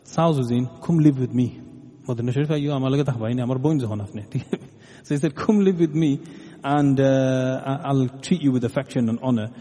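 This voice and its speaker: Animated man telling a sermon story. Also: medium pitch, brisk, in a large hall. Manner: animated storyteller acting out quotes, mixing in another language. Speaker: preacher. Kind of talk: storytelling religious lesson.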